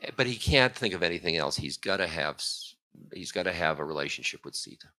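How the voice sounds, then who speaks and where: A man's voice: low-pitched, animated, a little fast, sharp tone. A man, a spiritual teacher, telling an old story in a casual, humorous lecture with frequent chuckles.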